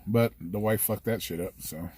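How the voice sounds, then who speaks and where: A man's voice: on the low side, normal speed, warm tone, slight background noise. A man hosting a livestream, telling rambling stories in a casual way with heavy swearing. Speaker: livestream host. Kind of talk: casual storytelling.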